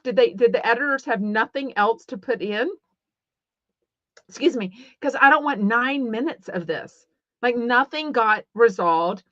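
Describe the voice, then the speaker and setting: A woman's voice: mid-range voice, pushed and bright, dry recording. A middle-aged woman from Texas with a Texan accent, hosting a rambling, casual livestream podcast with lots of fillers. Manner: chatty and rambling, many fillers and restarts. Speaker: podcast host. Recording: dull lo-fi dry sound.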